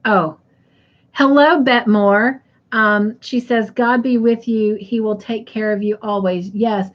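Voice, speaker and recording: A woman's voice: a little high, fairly even intonation, slow pace, dull audio. A middle-aged woman hosting a casual crafting live stream. She reads viewer comments aloud in a chatty way and laughs easily.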